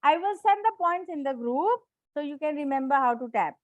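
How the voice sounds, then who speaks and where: A woman's voice: high-pitched, lively intonation, a little fast, no echo, lo-fi sound. A woman coach leading a live online class on self-management, encouraging and repetitive, often checking in with questions to her students.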